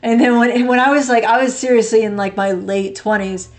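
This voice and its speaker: A woman's voice: a little high, flat delivery, fairly quick. Rambling, profane woman streamer. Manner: rambling, laughs often, blunt and profane. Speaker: livestream host. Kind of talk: casual chat, reading and answering viewer comments.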